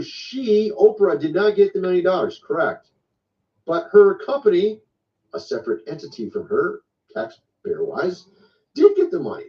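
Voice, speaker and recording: A man from Michigan hosting a casual online commentary, rambling in a conspiratorial tone. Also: high-pitched. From Michigan, USA. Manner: conspiratorial, rambling, lively delivery. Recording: distant, muffled lo-fi sound.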